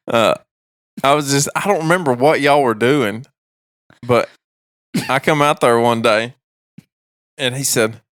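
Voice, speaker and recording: A man's voice: mid-range voice, slow, long pauses, a bit bright, no room sound, clean studio sound. A man, co-hosting a podcast in casual chat and laughing a lot. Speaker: podcast co-host.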